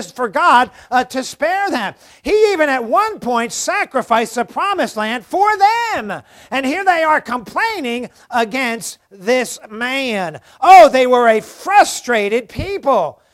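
A man's voice: extremely high pitch, a bit bright. A middle-aged man, a pastor, preaching a sermon in an earnest way and asking his listeners questions.

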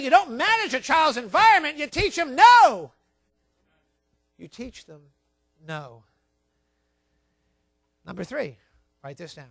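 A man preaching a sermon, emphatic and repetitive, telling his listeners to write points down, swinging between quiet asides and loud stressed words. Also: extremely high pitch, gravelly, no room sound. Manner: emphatic, repeats key points, tells listeners to write things down. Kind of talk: sermon on child training.

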